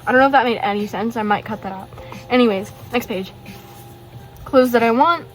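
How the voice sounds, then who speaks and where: A chatty teenage girl rambles and gushes through a casual tour of her sketchbook, full of fillers and asides. Her voice sits a little high, and faint music plays behind her in a bedroom, picked up by a phone hung over her desk. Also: a little fast, low-quality recording. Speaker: artist showing her sketchbook. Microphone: phone hanging above the desk.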